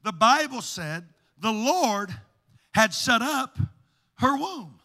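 A male pastor preaching a sermon with emphatic repetition, climbing from plain talk into shouted, sing-song cadences. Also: very high-pitched, sing-song, slow pace. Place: church sanctuary. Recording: long church reverb.

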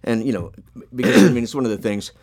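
A man's voice: mid-range voice, big pitch swings, fast talker, vocal fry, a little mellow, slightly rough. A man chatting casually as host, telling long rambling stories with plenty of swearing and filler words. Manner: rambling, profane, laid-back storytelling. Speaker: podcast host and punk musician. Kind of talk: casual chat.

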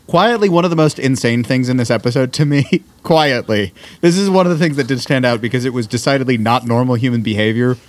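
A man co-hosting a podcast, animated and incredulous as he laughs through a TV recap. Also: mid-range voice, fast, hardly any pauses. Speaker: podcast co-host. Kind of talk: casual chat recapping a TV episode.

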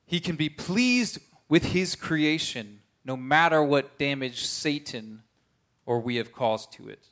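Man, preacher, slightly high voice, earnest conversational sermon, checks in with listeners. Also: expressive, takes it slowly, fairly bright tone.

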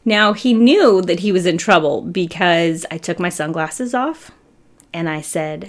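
A woman's voice: on the low side, measured pace. Middle-aged woman preaching, chatty and funny, tells stories like she's talking to friends. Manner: conversational, humorous storytelling. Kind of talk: sermon.

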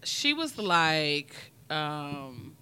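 A woman hosting a casual chat and telling a story in an animated, profane way. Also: deep voice, extremely slow, clear, resonant tone. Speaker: podcast host.

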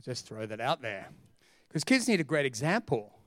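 A middle-aged man, preaching a sermon as pastor in an energetic, joking, emphatic way. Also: medium pitch, moderate pace, no echo.

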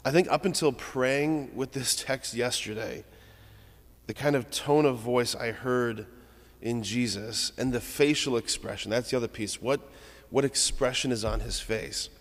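A man's voice: medium pitch, measured pace. Man preaching in an echoing church. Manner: conversational, reflective, with restarts. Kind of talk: homily.

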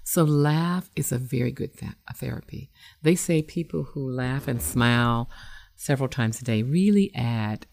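A woman's voice: very deep voice, creaky, a little mellow. A woman hosting an internet radio show as a relationship expert, giving advice in a conversational, emphatic way with frequent fillers.

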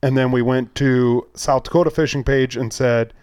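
A man's voice: medium pitch, steady tone, normal speed, a little mellow, clear, resonant tone, no echo, studio quality. A man co-hosting a fishing podcast, talking casually and making his point with hypotheticals and repeated lists. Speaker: podcast co-host. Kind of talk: casual chat.

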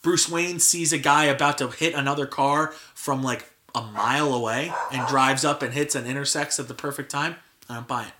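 A man's voice: mid-range voice, normal speed, background noise. A young man hosting a casual podcast, chatting loosely with lots of "like" and restarts. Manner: filler-heavy, frequent "like" and restarts. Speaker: podcast host. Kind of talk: casual chat.

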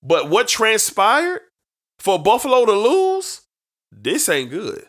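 Animated man hosting sports talk. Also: high-pitched, slow pace. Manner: animated, emphatic, folksy slang. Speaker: sports show host.

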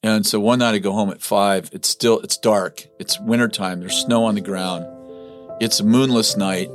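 A man's voice: moderate pace, faint music behind. A man in his sixties, a business owner, telling a family story in casual conversation and acting out the voices of others. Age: 60s. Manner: animated storyteller, acts out voices in a high pitch.

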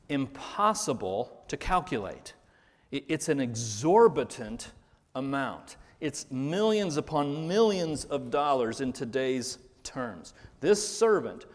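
A pastor preaching a sermon, earnest, rising to stress key words and then dropping low. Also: male voice. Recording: reverberant hall.

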